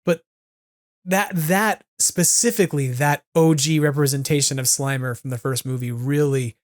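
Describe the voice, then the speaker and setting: A man's voice: fairly high pitch, steady tone, normal speed, no room sound, clean studio sound. A man hosting a podcast, chatting casually and enthusiastically, rambling with lots of "like"s. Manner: enthusiastic, rambling, heavy use of "like". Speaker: podcast host. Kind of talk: casual fan chat.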